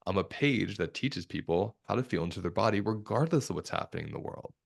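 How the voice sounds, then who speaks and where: A man, a somatic therapist, talking as a guest in a podcast interview in a calm, reflective, measured way. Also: on the low side, creaky, slightly rough. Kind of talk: conversational interview talk.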